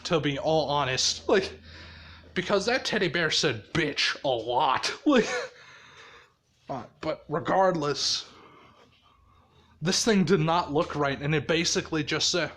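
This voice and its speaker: A man's voice: fairly high pitch, animated, takes it slowly, long pauses, fairly bright tone. A man casually telling a fan story, rambling and swearing, with frequent laughter. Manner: rambling, profane, laughs often.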